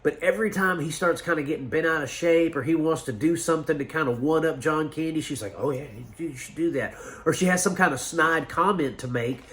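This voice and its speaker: A man's voice: fairly high pitch, brisk, few pauses, fairly bright tone, a little hiss or hum. A man casually reviewing a movie for his channel, enthusiastic and rambling, with lots of fillers and restarts.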